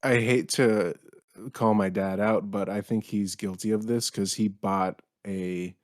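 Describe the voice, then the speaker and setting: A man's voice: on the low side, steady tone, a little slow, no echo, studio quality. Irreverent young man hosting a podcast. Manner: irreverent, jokey, swears freely. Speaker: podcast host. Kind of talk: crude comedic podcast banter.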